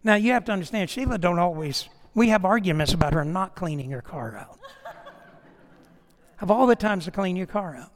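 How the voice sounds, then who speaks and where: A man preaching, his voice sitting high for a man. He tells stories folksily and with humor, then presses his point earnestly. A long hall reverb trails behind every phrase. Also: animated, fairly quick. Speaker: pastor. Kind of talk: storytelling sermon.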